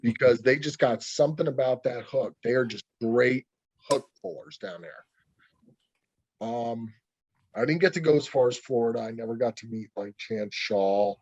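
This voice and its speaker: Male arm wrestler guest, husky and profane, dull call-quality recording. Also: mid-range voice, moderate pace, darkish tone, dry recording. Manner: blunt, profane, heated ranting. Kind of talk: casual interview over a call.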